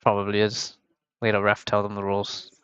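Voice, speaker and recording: A man's voice: on the low side, completely flat delivery, brisk, fairly bright tone, clean tone, dry recording, lo-fi sound. A young man from the UK on a headset mic, casually commentating a game tournament alone, rambling and poking fun at himself. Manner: rambling, self-mocking, chatty.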